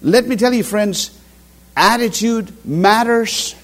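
Speaking slowly in a high voice, a middle-aged preacher delivers a sermon. His storytelling is animated, with quotes he acts out.

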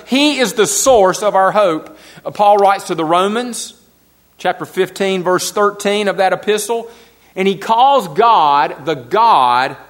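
A man's voice: high-pitched, fairly bright tone. A man preaching a sermon to his congregation, repeating key phrases for emphasis and asking his listeners questions. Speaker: pastor.

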